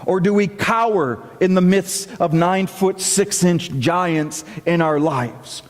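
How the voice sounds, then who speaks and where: Man, pastor, sermon, high voice, animated, acts out quotes, church hall reverb. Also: slow pace.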